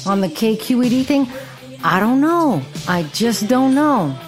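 A woman's voice: a little high, animated, a little slow, soft background music. A middle-aged woman hosting a podcast, telling a story in a blunt, sarcastic, profane rant. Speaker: podcast host.

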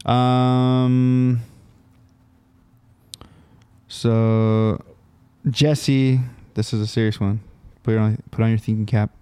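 A man's voice: medium pitch, level tone, takes it slowly, pauses often, warm tone, smooth, dry recording. A young man co-hosting a podcast in casual, rambling chat. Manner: laid-back, rambling with restarts. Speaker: podcast co-host.

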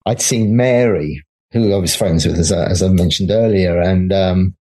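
A man's voice: deep voice, normal speed, warm tone. A middle-aged man, a graphic designer and film producer, chatting as a guest and telling anecdotes, acting out the voices of the people he quotes and laughing often. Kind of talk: casual anecdote-telling interview.

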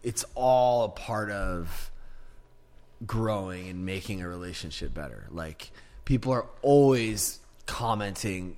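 A man co-hosting a podcast in casual chat, with a gruff voice that sounds aggressive, blunt and swearing often. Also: sits low, lively intonation, takes it slowly, darkish tone. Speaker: podcast co-host.

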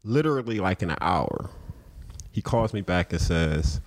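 A man with a Philadelphia accent, telling stories as a podcast guest and acting out the voices of people he quotes. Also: normal speed. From South Philadelphia. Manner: animated storyteller acting out quoted voices, often high-pitched. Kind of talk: storytelling in a podcast interview.

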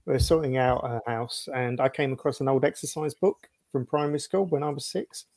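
A Scottish man, a football writer and podcast guest, telling relaxed anecdotes. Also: mid-range voice, brisk, no echo. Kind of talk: casual podcast chat.

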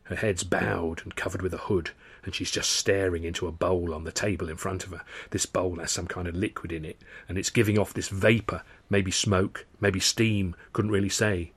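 Male author narrating audiobook, low voice, husky, conversational storytelling. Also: moderate pace. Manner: relaxed storytelling in a conversational, anecdotal tone. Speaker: author reading his novel.

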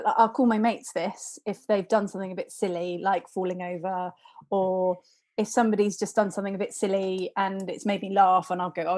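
A woman joins a casual chat as a guest, talking frankly and giggling between remarks. Her voice is of middle pitch and relaxed.

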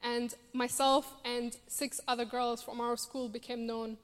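With heavy background noise and long theatre hall reverb around her, a woman in her twenties tells her personal story on stage at a charity show. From Somalia and speaking with a Scottish accent, this refugee campaigner is earnest with a touch of dry humor, her voice on the high side, level in tone, and measured in pace.

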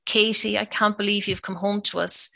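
A woman's voice: medium pitch, level tone, moderate pace, creaky, pushed and bright, no echo. A woman reading the lines of an anxious older mother who tries to keep the peace. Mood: warm. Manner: flustered, placating.

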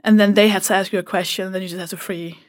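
A woman comedian, a podcast guest, telling lively anecdotes in casual chat, laughing and swearing now and then. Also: medium pitch, rapid-fire, dry recording, clean studio sound.

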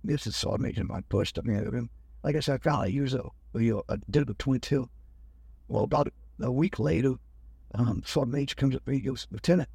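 A man's voice: medium pitch, gravelly, mellow, breathy edge, no echo. An older man telling a rambling personal story in casual talk, acting out the people he quotes. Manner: rambling, acts out quoted officers. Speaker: guest telling his life story.

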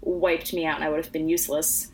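A woman's voice: low voice, level tone, quick pace, slight background noise. A young woman co-hosting a casual podcast, talkative and earnest, with plenty of "you know" and "like.". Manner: earnest, talkative, many fillers. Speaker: podcast co-host. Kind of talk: casual chat.

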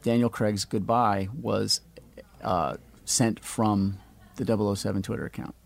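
A man's voice: fairly low pitch, fairly even intonation, a little slow, gravelly. A man guesting on a podcast, telling stories in a self-deprecating way. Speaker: podcast guest, film writer. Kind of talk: casual podcast chat.

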